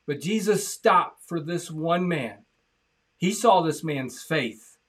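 A man preaching as a pastor, passionate, repeating phrases and swinging from loud declarations to hushed appeals. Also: on the high side, expressive, slow, husky. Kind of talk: sermon. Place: church.

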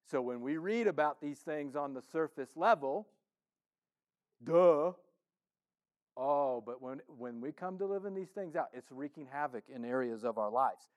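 A man preaching with a fairly high voice. He talks to the congregation like a friend, playfully voicing their excuses. He swings between loud, pushed emphasis and quiet, low asides. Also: expressive, measured pace. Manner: conversational, playful, acts out the congregation's inner voice. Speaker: pastor. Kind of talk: sermon.

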